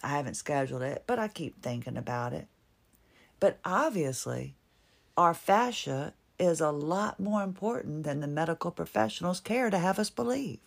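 A woman's voice: deep voice, animated, normal speed, vocal fry. A middle-aged woman from Virginia with a Virginian accent, talking casually and wryly on her own podcast. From Virginia, USA. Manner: chatty, wry, laughs at herself. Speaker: podcast host. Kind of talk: casual monologue.

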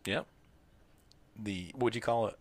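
A man's voice: lowish voice, measured pace, no room sound. A man co-hosting a podcast in casual chat, rambling and leaning on "like" fillers. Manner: rambling, heavy use of "like" fillers. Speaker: podcast co-host.

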